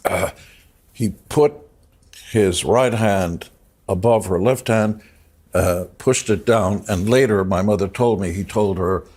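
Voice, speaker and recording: A man telling an emotional personal story in a TV interview, reflective and halting, getting choked up at times. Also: on the low side, a little mellow. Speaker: interview guest.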